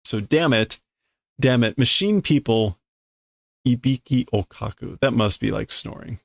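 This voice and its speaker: A man's voice: mid-range voice, unhurried, gravelly, dry recording, studio quality. A man casually reading a manga aloud on a live stream, sounding out Japanese lines and translating them with amused chuckles.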